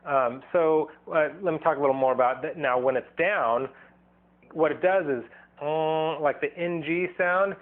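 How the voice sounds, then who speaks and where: A man's voice: on the high side, moderate pace. Man teaching singing through a tinny line. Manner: loose, rambling, restarts his sentences; demonstrates vocal sounds as he explains. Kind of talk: casual vocal lesson video. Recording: thin, phone-like band.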